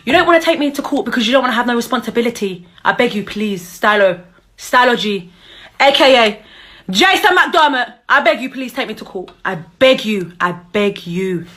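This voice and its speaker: A young woman rants at someone in a mocking, cussing call-out vlog. Her voice is bright and sits a little high. She keeps jabbing at him and drifts between scorn and outright taunting. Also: expressive, moderate pace. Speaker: vlogger, mother.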